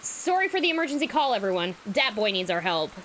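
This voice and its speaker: A woman's voice: medium pitch, big pitch swings, fast talker, fairly bright tone, a little hiss or hum. A woman voicing a cocky, passionate hero hedgehog in a fanfiction reading. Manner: eager, passionate.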